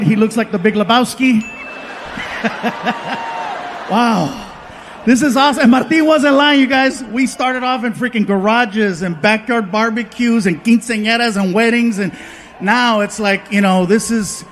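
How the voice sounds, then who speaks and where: A man with a strikingly high voice tells a stand-up story from a big live stage, bouncing between characters and shouting his punchlines. A faint hum of the venue sits under his stage mic. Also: measured pace. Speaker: stand-up comedian. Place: large live venue with audience.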